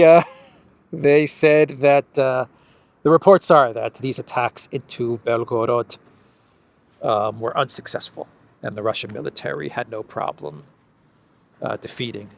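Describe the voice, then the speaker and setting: American male host, mid-pitched, sarcastic solo news commentary, thinks aloud with frequent restarts. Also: creaky. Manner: speculative, sarcastic, repeats words while thinking.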